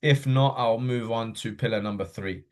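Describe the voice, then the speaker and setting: A man coaching runners in a live online session, talking quickly and casually with fillers and frequent okays. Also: mid-range voice, darkish tone. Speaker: running coach. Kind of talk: live online workshop talk.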